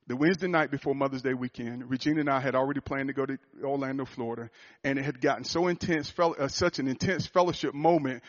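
A man preaching a sermon, telling a personal story, swinging from loud, rising fervor to a hushed, quiet confession. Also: medium pitch, quick pace, highs cut off. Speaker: pastor.

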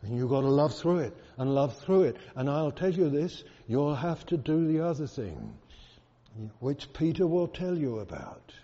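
A man's voice: fairly high pitch, big pitch swings, moderate pace, warm tone. Middle-aged english guy preaching, earnest storyteller, repeats himself for emphasis, muffled lo-fi sound in a big echoey hall. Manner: earnest, repeats phrases for emphasis, tells stories. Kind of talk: sermon. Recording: dull echoey hall recording.

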